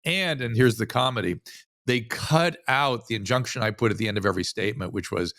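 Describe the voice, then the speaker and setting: A man's voice: medium pitch, fast talker, dry recording. Man talking animatedly, dry close sound. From United States. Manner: animated storytelling with frequent restarts. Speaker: physician, interview guest. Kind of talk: casual interview conversation.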